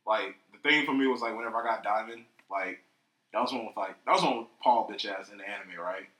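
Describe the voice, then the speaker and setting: A young man chatting casually and profanely on a podcast, rambling and animated. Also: fairly low pitch, fast. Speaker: podcast co-host. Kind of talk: casual chat. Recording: echoey room.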